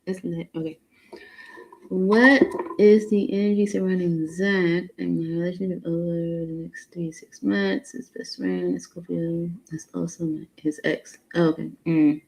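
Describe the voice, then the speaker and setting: A woman's voice: fairly low pitch, unhurried, vocal fry, rough recording. A woman reading tarot on a casual live stream, chatting and laughing while she reads viewer questions aloud. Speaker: tarot reader.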